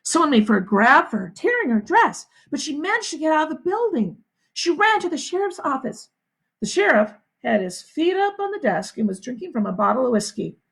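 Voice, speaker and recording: A woman school principal reading a novel aloud to her students with expressive storytelling. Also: high voice, brisk, creaky. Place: home, livestream.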